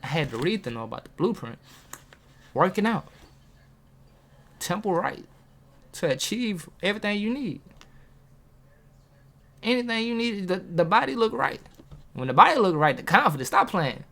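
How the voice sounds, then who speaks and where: A man giving a casual motivational talk to viewers. He uses street slang, asks them questions and gets hyped, with big jumps in pitch. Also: very animated, normal speed, pauses often, a bit bright. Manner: talks straight to viewers, asking questions. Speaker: motivational vlogger.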